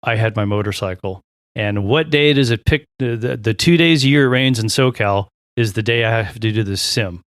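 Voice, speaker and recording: A man, a pilot and podcast guest, telling a long story in a casual, animated way, acting out the voices of others and often restarting his sentences. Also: on the low side, normal speed, no echo, clean studio sound. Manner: animated, acts out quoted voices, frequent restarts.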